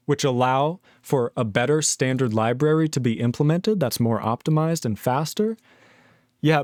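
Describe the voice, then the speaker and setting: A young man holds forth on his live-coding stream, reading chat messages aloud and ranting in animated, sweary bursts. His voice sits a little high for a man. The sound is dry and close, with no room around it. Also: dry recording. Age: 20s.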